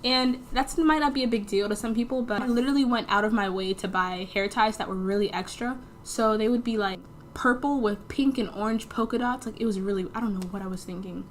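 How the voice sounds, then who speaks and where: Chatty teenage girl, slightly high voice. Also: a little fast, a little hiss or hum. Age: teens. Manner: chatty, full of "like" fillers, acts out dialogue. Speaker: storytime vlogger. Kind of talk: casual storytelling.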